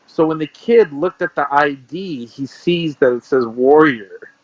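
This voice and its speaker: A man's voice: fairly high pitch, measured pace, no room sound, low-quality recording. A man, a sports card shop owner, telling rambling stories in a casual interview and repeating himself.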